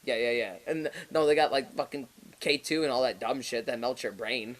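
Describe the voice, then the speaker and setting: A man's voice: mid-range voice, steady tone, normal speed, rough recording. A young man, a podcast co-host, telling a long story in casual, profane chat and often laughing as he goes.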